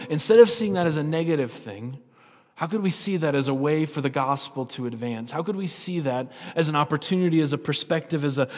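A man's voice: a little high, a little mellow. Earnest preaching man in a reverberant hall. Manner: earnest, conversational preaching with repeated "right?". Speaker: pastor. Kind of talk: sermon.

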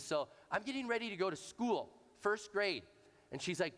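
A pastor preaching to a congregation, animated and anecdotal, repeating words for emphasis. His voice sits a touch higher than most men's, and a long reverb hangs behind it from the large hall. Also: fairly quick. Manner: animated, repetitive anecdotal delivery. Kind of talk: sermon storytelling.

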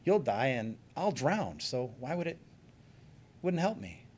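A man's voice: mid-range voice, big pitch swings, a little slow, a little mellow, slight background noise. A man doing a blunt treacherous scorpion. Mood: coaxing.

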